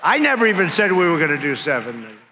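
A man in his seventies stands at a podium microphone in a large conference hall, delivering a boastful, mocking rally speech to a crowd, repeating punchlines and handing out nicknames. His fairly high voice races along with wide pitch swings, pushed and bright. Hall reverb mixes with crowd and room noise.

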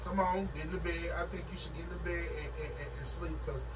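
A man's voice: fairly high pitch, fairly even intonation, fast talker. A man in casual banter, protesting in slangy speech. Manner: slangy, protesting, repeats "bro". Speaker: vlogger. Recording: distant mic in a noisy room.

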